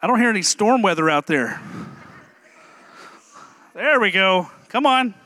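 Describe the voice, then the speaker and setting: A pastor preaches with a notably high, ringing voice that stays bright and pointed. He keeps his sermon loose and funny, throwing in quick jokes to the congregation. The sound is dry and close, with almost no room around it. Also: dry recording. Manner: humorous, animated preaching with asides to the congregation.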